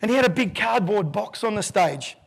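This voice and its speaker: Man, 50s, keynote speaker; lively storyteller with a high, gravelly voice. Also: a little fast. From Australia. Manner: vivid, animated storyteller who acts out voices.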